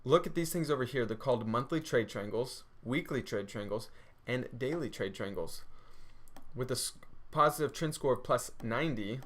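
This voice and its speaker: An upbeat man with a Texas accent walks through a screen-share trading tutorial. He fires off rhetorical questions and answers them himself in a mid-pitched, everyday voice. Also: a bit bright. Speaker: trading course presenter.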